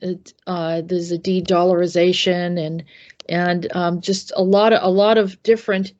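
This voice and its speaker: A woman's voice: lowish voice, level tone, normal speed, darkish tone, highs cut off. A woman hosting a discussion, talking in a casual, conversational, hesitant way. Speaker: host.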